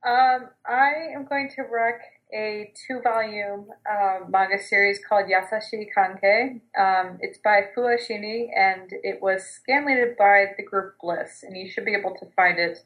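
A woman's voice: mid-range voice, a little slow, few pauses, lo-fi sound. A woman co-hosting a podcast in casual chat, speaking hesitantly with many ums. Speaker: podcast co-host.

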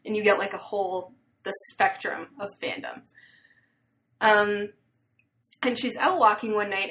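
A woman's voice: medium pitch, fairly bright tone, slight background noise. A woman, co-hosting a podcast in casual chat and telling stories with many fillers. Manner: chatty storyteller with many fillers. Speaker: podcast co-host.

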